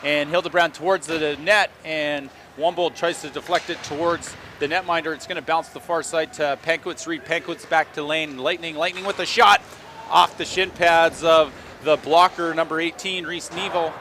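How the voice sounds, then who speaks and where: Male play-by-play caller, bright tense voice, a bit high, steady rapid calls with dry jokes between plays, light noise behind. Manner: rapid running call, dry joking asides. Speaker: play-by-play hockey announcer. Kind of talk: play-by-play sports commentary.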